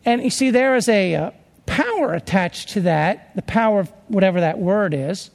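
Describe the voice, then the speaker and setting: A man's voice: high voice, lively intonation, moderate pace, creaky, big-room sound. A man preaching a conversational sermon, rambling a little and restarting his sentences as he works through scripture.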